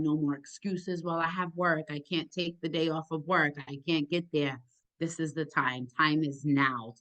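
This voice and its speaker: A young woman sports podcaster with a deep, thick accent, answering interview questions eagerly and gratefully. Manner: eager, animated and grateful, speeds up in bursts.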